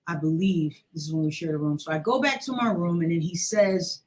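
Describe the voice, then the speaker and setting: A woman's voice: fairly low pitch, a little fast, darkish tone. Woman telling a personal story. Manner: emotional, acts out quoted voices. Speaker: host.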